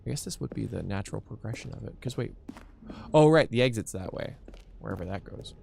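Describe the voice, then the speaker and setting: A man's voice: on the low side, animated, vocal fry, a little mellow, slight background noise. A man live-streaming a game reaction, laid-back and joking. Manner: laid-back, joking, quick gasps and laughs.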